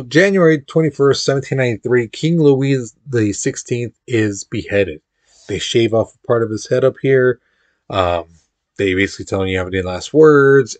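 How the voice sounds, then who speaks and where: Casual male history teacher, mid-pitched, chatty lecture style with playful acted quotes, dry close recording. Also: no echo. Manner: informal, chatty, acts out quotes with playful voices.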